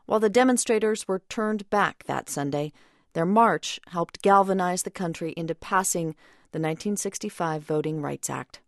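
A woman news anchor introducing a report in a crisp, formal delivery. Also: lowish voice, moderate pace, dry recording.

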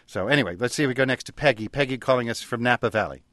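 Man radio host, easygoing, halting at times, dry studio sound. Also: mid-range voice, no room sound. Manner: relaxed, hesitant with restarts. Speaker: radio talk show host. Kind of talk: call-in radio hosting.

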